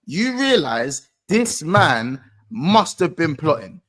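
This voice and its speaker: A man's voice: on the high side, sing-song, slow, a bit bright. A young man, ranting and joking in slangy casual banter as a football podcast host.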